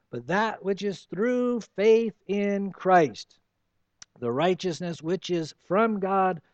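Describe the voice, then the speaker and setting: A man pastor preaching an expository sermon, animated, with rhetorical questions. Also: high-pitched, no echo, dull audio.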